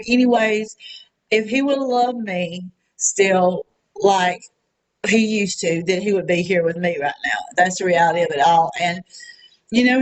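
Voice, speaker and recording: A heartbroken woman, speaking alone at home in a raw confessional vlog, halting with many fillers and pauses, close to tears. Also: mid-range voice, clean tone, poor audio. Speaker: vlogger. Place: her apartment.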